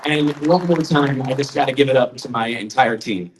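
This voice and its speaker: A man's voice: medium pitch, brisk, recorded from a distance, crowd noise, noisy background. A man in his forties, a magazine publisher, presenting honorees at a press conference and telling a story in a conversational way. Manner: storytelling, conversational, quotes people. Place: event hall at a trade show.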